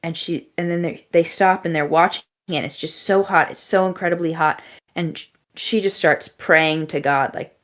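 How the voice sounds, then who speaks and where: A woman's voice: fairly low pitch, steady tone, normal speed. A young woman co-hosting a podcast, telling a story in a chatty, casual way. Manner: chatty, casual, with fillers and swearing. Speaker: podcast co-host.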